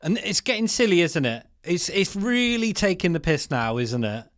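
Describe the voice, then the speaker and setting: A man's voice: high-pitched, sing-song, normal speed, very noisy. A man, hosting an opinionated commentary with exasperated, sarcastic asides and slangy remarks. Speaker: commentary channel host.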